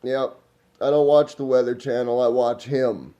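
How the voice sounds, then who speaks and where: Rambling man with a mellow voice. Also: mid-range voice, fairly even intonation, normal speed, highs cut off. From Minnesota. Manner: meandering, smoking while talking, trailing off. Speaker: vlogger. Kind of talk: rambling casual monologue.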